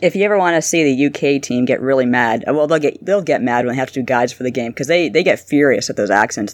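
A woman's voice: a bass voice, expressive, fast, hardly any pauses, no room sound. A woman from Canada co-hosting a casual podcast chat, agreeable and easygoing, laughing often. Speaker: podcast co-host.

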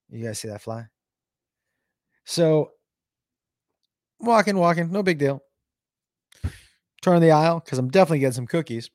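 A man's voice: fairly high pitch, lively intonation, a little slow, long pauses, darkish tone, no echo, clean studio sound. A man telling a rambling, profane comedy story on a livestream, often laughing and greeting viewers by name. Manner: rambling, profane, reads chat names aloud.

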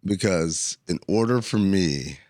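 A man co-hosting a podcast, spinning stories with animated asides. His voice sits lowish. The recording is dry and close. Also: slow pace, no echo. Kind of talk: casual podcast banter.

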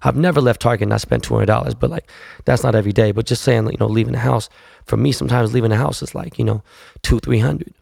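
A man's voice: medium pitch, fast, vocal fry, darkish tone, slightly rough, no echo, studio quality. A man, hosting a casual solo podcast and telling stories in a profane, laid-back way full of slang. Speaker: podcast host.

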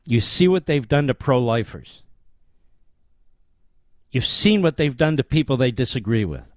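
A man's voice: mid-range voice, big pitch swings, normal speed, no room sound. A man hosting a political talk show, delivering an emphatic, declamatory commentary monologue with lots of rhetorical repetition.

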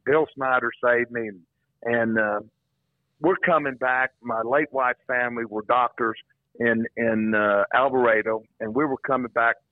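An older man calls in to a radio show and tells a long story, tripping over and repeating his words as he goes. His voice sits at a middling pitch. It comes through a tinny, dry phone line. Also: dry recording. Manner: rambling, repeats words as he talks. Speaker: former college football coach, guest.

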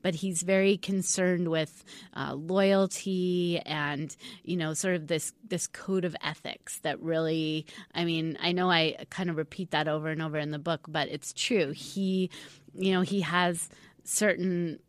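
A woman with a slightly low voice talks about her writing in a relaxed interview. She hesitates and restarts often but stays earnest. The sound is dry and close. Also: measured pace, dry recording. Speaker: author being interviewed. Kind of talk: casual interview talk.

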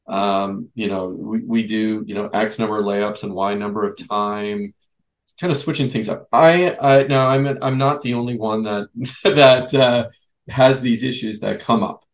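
A man's voice: lowish voice, unhurried, rough recording. A man hosting a youth basketball podcast, talking conversationally and thinking aloud with restarts. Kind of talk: podcast interview.

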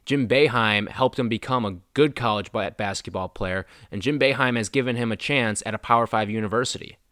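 A man's voice: mid-range voice, a little fast, fairly bright tone, no echo, studio quality. A man co-hosting a casual sports podcast, bantering playfully and often stumbling over and repeating his words. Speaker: podcast co-host.

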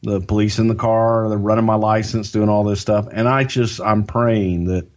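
A man's voice: lowish voice, moderate pace. Older man spinning a road story. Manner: animated storyteller, slips into other people's voices for quotes. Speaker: podcast co-host and storyteller. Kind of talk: casual storytelling chat.

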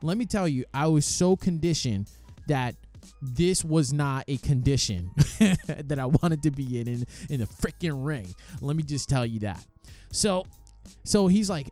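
A man casually telling the story of his amateur boxing match, lively and animated, acting out the quoted voices and swearing freely. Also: on the high side, measured pace, soft background music.

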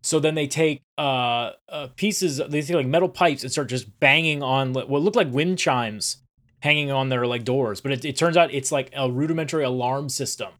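A man co-hosting a podcast, recapping a TV episode in a relaxed, casual way with some stammering restarts. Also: mid-range voice, normal speed. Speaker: podcast co-host.

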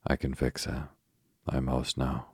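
A man voicing a caring older girl, the eldest sister, gently worried and coaxing. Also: rumbling low, monotone, unhurried, husky, no room sound, clean studio sound, full character voice.

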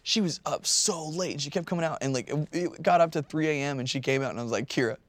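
A man in his thirties telling a story in casual chat, animated and swearing, often breaking into laughter. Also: fairly high pitch, fast talker, no room sound.

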